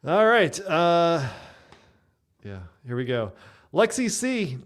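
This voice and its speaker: A man's voice: fairly high pitch, big pitch swings, takes it slowly. A man hosting a podcast, reading viewer comments aloud in casual chat and laughing along. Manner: laughing, teasing. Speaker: podcast host.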